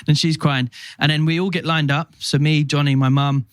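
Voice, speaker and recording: A man, a podcast guest telling a long story in casual, energetic chat. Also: fairly high pitch, smooth, no echo. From United Kingdom. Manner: energetic, talks fast and at length.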